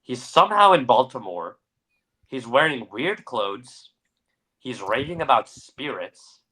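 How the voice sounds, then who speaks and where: A man's voice: mid-range voice, sing-song, a little slow, pushed and bright. A young adult man co-hosting a podcast, narrating a story dramatically and then chatting casually with fillers. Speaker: podcast co-host. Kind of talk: story reading and casual chat.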